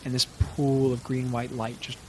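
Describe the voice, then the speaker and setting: A man narrates a tabletop role-playing game as game master in a relaxed, rambling way, with plenty of fillers. His pitch sits in an ordinary middle range. There is clear rain-like noise behind him. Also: normal speed. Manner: loose, chatty narration with many fillers.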